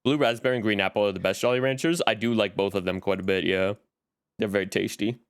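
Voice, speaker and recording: A man's voice: lowish voice, fast, clear, resonant tone. A man streaming live in casual chat, greeting viewers by name as he talks.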